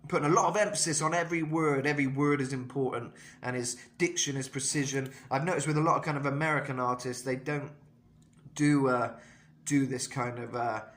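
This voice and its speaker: A man's voice: medium pitch, steady tone, a little fast, a bit bright, a little hiss or hum. A young man giving a casual vocal lesson, talking loosely with self-mocking asides between demonstrations. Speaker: vocal coach.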